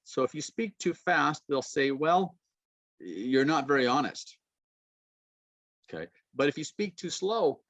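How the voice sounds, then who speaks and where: A man teaching a pronunciation lesson, modeling phrases slowly and repeating sounds. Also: mid-range voice, no room sound. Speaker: university lecturer.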